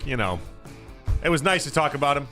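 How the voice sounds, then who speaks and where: A man co-hosting sports talk radio with a wry, laughing manner. He talks very fast in a bright, slightly high voice. Faint music sits behind the studio mic. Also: lively intonation. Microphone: studio broadcast mic.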